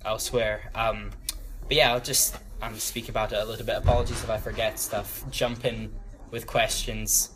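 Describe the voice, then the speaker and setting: A man's voice: lowish voice, flat delivery, normal speed, hardly any pauses, noisy background. A young man in his twenties giving a casual, rambling talk to a church youth group, with lots of ums and self-deprecating laughs. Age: 20s. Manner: rambling, many ums and restarts, laughs at his own stories. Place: church room with a small group.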